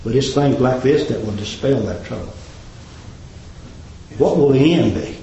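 A man preaching a sermon, impassioned and swinging up into high, ringing exclamations. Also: lively intonation, measured pace, pauses often, mellow. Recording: roomy, slightly dull recording.

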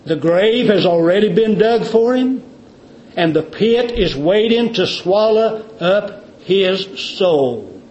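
A male preacher delivers a sermon with a high voice, hammering points through repetition. The recording is dull and lo-fi, with a faint hiss behind him. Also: lively intonation, takes it slowly. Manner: emphatic, repetitive, drops to quiet intensity.

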